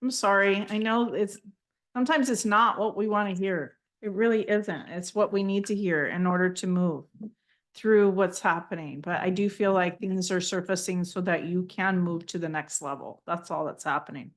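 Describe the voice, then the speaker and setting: A woman channeling messages for people in a live intuitive reading, speaking gently and heartfelt, often moved to emotion. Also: normal speed. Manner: speaks in flowing, high, invented-sounding syllables at times. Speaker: spiritual channeler giving readings.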